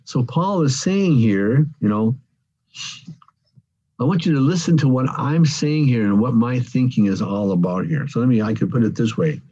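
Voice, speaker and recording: A man leads an evening Bible study in a mellow, slightly husky voice. He explains each word carefully, repeats himself, and stresses the phrases that matter. The sound is dull and lo-fi. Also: mid-range voice, animated, moderate pace. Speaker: Bible teacher. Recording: dull lo-fi recording.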